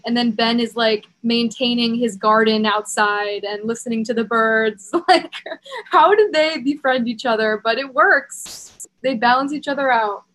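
A woman's voice: on the high side, fairly bright tone, low-quality recording. A young woman co-hosting a podcast, talking casually with lots of fillers. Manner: chatty, uses fillers and "like". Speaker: podcast co-host. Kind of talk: casual chat.

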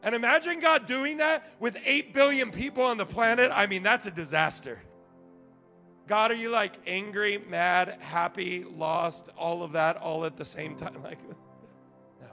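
A male pastor preaching a sermon, telling stories with big swings from shouting to hushed asides. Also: high voice, unhurried, faint music behind. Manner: animated storytelling, swings from shouting to quiet.

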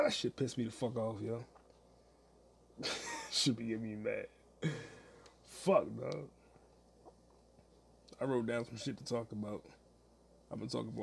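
A young man hosts a solo podcast from home, ranting casually with heavy profanity and frequent laughter. His mid-range voice is gravelly and a little mellow, with slight background noise.

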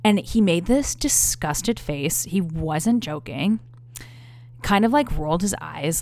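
A woman in her thirties with a low, gravelly voice, chatting straight to her viewers. She tells her story candidly and with exasperation, and she swears freely. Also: expressive, a little slow, darkish tone, dry recording. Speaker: vlogger. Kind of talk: casual storytelling to camera.

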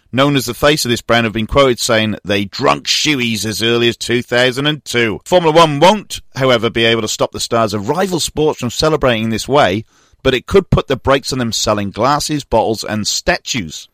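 A man's voice: medium pitch, animated, moderate pace, a bit bright, no echo. A man co-hosting a sports radio show, reading news items with jokey asides and frequent laughs. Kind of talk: casual sports radio chat.

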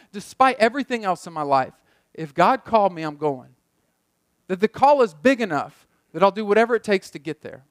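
High-voiced male pastor preaching casually. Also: no room sound, studio quality. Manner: conversational storytelling, repeats words while thinking. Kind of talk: sermon.

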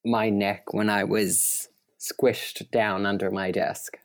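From a desk in his small apartment, a man co-hosts a podcast, chatting casually, laughing often, and trailing off mid-thought. His lowish voice stays level, and he takes things slowly.

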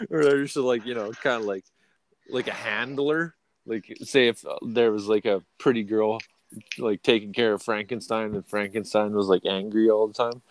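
In a dry recording, a podcast co-host in his thirties speaks in a lowish voice. The chat is casual and rambling, with heavy swearing and frequent laughter.

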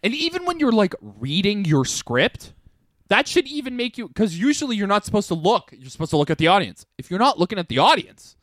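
Lively, laughing young man, swearing. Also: sits high, fairly quick, no echo, studio quality. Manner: excitable, swears a lot, laughs often. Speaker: podcast co-host. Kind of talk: casual chat.

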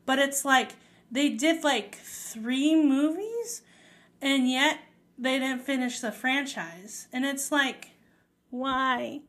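A woman's voice: sits high, slow, fairly bright tone. A woman vlogger ranting casually to camera, exasperated and emphatic, swearing freely.

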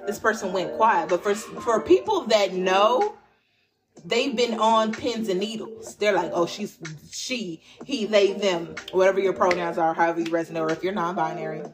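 A woman's voice: medium pitch, normal speed, low-quality recording. Chatty, profane woman giving a tarot reading. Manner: chatty and profane, addresses listeners as "y'all" and "honey bunnies"; repeats phrases for emphasis. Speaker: tarot reader. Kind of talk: casual tarot reading monologue.

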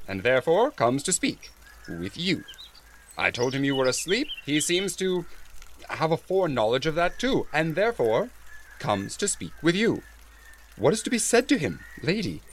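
An actor playing a pompous, fussy steward in Elizabethan stage style, mocking and haughty. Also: male voice, a little high, slight background noise.

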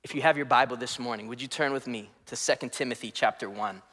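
A man's voice: medium pitch, fast talker, fairly bright tone, big-room sound. A man from the DC area preaching a sermon as a guest speaker, playful and joking with the congregation. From DC area, United States. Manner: playful, joking, acts out voices in anecdotes. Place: church auditorium.

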